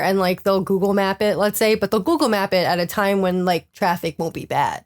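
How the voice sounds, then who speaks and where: A woman's voice: mid-range voice, fairly quick. A woman co-hosting a casual podcast, recapping a reality show in a jokey way, full of likes. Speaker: podcast co-host.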